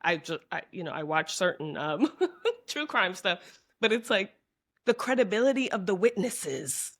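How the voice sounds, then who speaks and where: A woman guest in a casual podcast conversation, with a voice of middle pitch. She lays out her points earnestly in long sentences that run into one another. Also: animated, normal speed, a bit bright.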